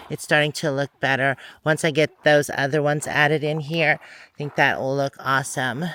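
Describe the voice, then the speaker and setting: A man's voice: fairly high pitch, a little hiss or hum. A man casually narrating his garden work outdoors, thinking aloud as he goes. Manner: relaxed, thinking aloud as he works. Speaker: garden vlogger.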